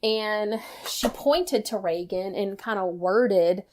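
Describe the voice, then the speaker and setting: A middle-aged woman tells a personal story in casual chat, animated and full of "you know" fillers. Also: medium pitch, slow, a little hiss or hum. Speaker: guest storyteller, mother.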